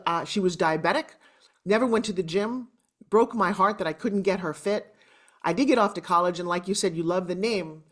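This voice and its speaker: Chatty, emotional Long Island woman in her sixties, guest telling her life story over a video call. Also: on the low side. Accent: Long Island New York. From Long Island, New York. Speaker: interview guest. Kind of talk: candid personal storytelling.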